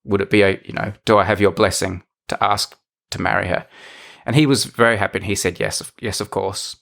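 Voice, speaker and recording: A man's voice: on the low side, steady tone, fairly quick, creaky, a bit bright. A man co-hosting a podcast, telling a story in casual chat and acting out the quoted voices. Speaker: podcast co-host.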